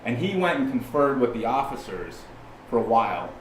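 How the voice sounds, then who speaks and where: A man from California, a podcast guest, telling a story in a casual, animated way, often restarting and acting out the people he quotes. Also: mid-range voice, normal speed, a little hiss or hum. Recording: roomy sound from a distant mic, faint ambience.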